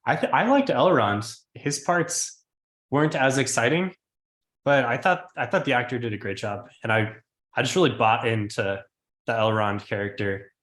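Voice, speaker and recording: A man's voice: mid-range voice, normal speed, a bit bright. A man hosting a podcast in casual chat, easygoing, steering the talk with questions. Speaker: podcast host. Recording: roomy echo.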